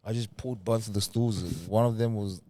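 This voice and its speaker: Soft-spoken young man with a low, mellow voice. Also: a little fast. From New Zealand. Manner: soft-spoken, relaxed storyteller. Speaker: guest. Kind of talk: casual storytelling.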